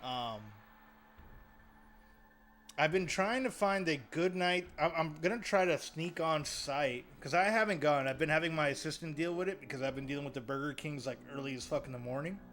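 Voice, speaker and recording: A man streaming a horror video game live, chatting casually, getting excitable and swearing often. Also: on the high side, moderate pace, soft background music. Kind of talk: casual live gameplay commentary.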